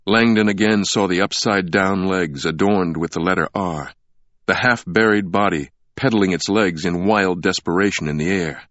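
A man with a very low voice narrates a thriller audiobook in a measured, even way. The recording is bone-dry with no room sound. The sound is dull and lo-fi. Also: no echo.

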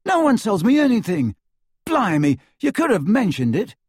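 A fretful, easily excited young man, voiced by a male narrator in an audiobook. He bursts out high and loud when upset. The delivery is a little husky and sits close and dry. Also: fast, dry recording, full character voice.

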